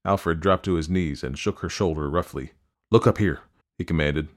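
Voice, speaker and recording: Brief: male audiobook narrator, very deep voice, measured reading. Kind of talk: scripted storybook narration.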